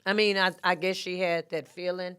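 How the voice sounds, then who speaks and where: A middle-aged woman, a podcast guest who talks softly and reflectively, with many fillers. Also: fairly low pitch, flat delivery, moderate pace, clean tone. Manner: soft-spoken, reflective storytelling with many fillers. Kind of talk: casual interview talk.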